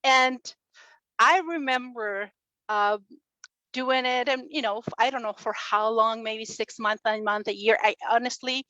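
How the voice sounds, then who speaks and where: A woman in her forties giving a motivational talk at a summit, telling her story with warmth, laughter and acted-out quotes. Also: on the high side, unhurried, dry recording, muffled recording. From Chile. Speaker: speaker at a summit, radio and podcast host. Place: stage at a summit.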